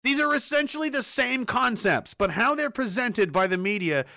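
A man's voice: very high voice, expressive, normal speed, pushed and bright, no room sound, studio quality. A man delivering a profane, ranting monologue, swearing freely and mocking others with impressions. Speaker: commentator.

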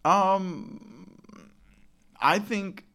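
A man's voice: high-pitched, extremely slow, gravelly, fairly bright tone. A man co-hosting a podcast in casual chat, profane and rambling, laughing often. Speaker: podcast co-host.

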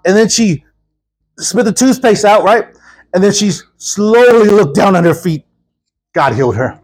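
A man preaching, telling a story with lively acted-out dialogue and frequent laughter. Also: high-pitched, a little slow, husky. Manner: animated, acts out dialogue, laughs often. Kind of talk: storytelling sermon.

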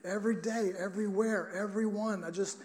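High-voiced earnest male preacher. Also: fairly even intonation, brisk. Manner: earnest storytelling, many restarts. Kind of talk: sermon.

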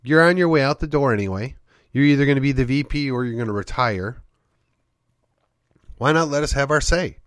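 A man's voice: mid-range voice, fairly quick, long pauses, no room sound. A man hosting a show, delivering an opinionated monologue full of rhetorical questions and needling sarcasm. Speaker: podcast host.

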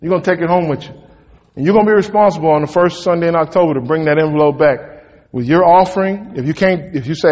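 A man preaching a sermon in a church, folksy and emphatic, with sudden loud peaks. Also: fairly high pitch, fast, dull audio. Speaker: pastor. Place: church sanctuary. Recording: long reverb of a church hall.

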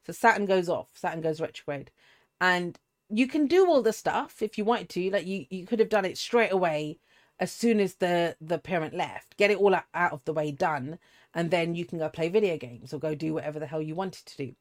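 A woman's voice: on the low side, a little fast. A woman, giving a casual, rambling tarot reading full of asides and restarts. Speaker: tarot reader.

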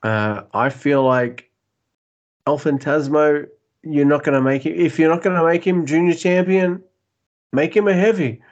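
A man co-hosting a casual wrestling podcast, excitable and a bit tipsy, who swears freely and laughs often. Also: a little high, measured pace, lo-fi sound. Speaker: podcast co-host.

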